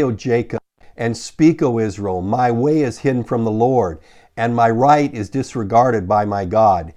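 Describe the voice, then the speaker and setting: A middle-aged man preaching a sermon as pastor, measured and slowing down to read scripture aloud. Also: mid-range voice, a little mellow.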